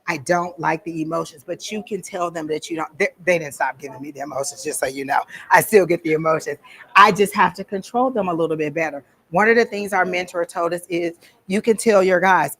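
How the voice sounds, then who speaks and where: A woman's voice: lowish voice, brisk, fairly bright tone. A woman talking informally to a workshop audience at a psychic fair, chatty and conversational, stopping to ask the room for questions.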